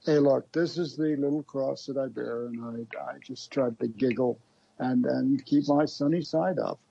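A man calling in to a radio show, chatting casually in a rambling, halting way and laughing often, heard over a phone line. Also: medium pitch, creaky, mellow, slight background noise. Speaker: regular caller. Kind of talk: casual radio call-in chat.

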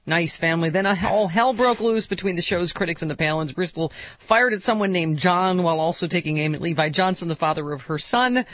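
A woman's voice: on the low side, brisk, dry recording, lo-fi sound. A woman co-hosting a morning radio show, reading gossip news with wry asides. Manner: gossipy, reads stories with quips and laughs. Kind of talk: casual morning radio banter.

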